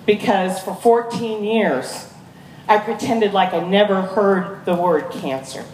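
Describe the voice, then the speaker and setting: A woman in her fifties giving an energetic, rallying speech as guest speaker at a charity walk, calling out to the crowd. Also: mid-range voice, slow pace. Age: 50s. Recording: echoey PA from far off, crowd noise.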